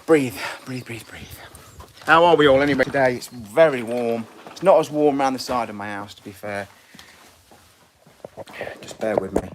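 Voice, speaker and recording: A man's voice: mid-range voice, normal speed, long pauses, background noise. A middle-aged English man with an English accent, rambling and restless as he chats casually to viewers on a woodworking live stream. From England.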